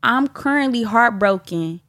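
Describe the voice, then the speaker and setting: A woman's voice: on the high side, expressive, measured pace, fairly bright tone, no echo, clean studio sound. Solo host, woman, candid confessional podcast, frank and profane, laughs a lot, plays up mock sobbing. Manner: blunt and profane, laughing often, mock wailing.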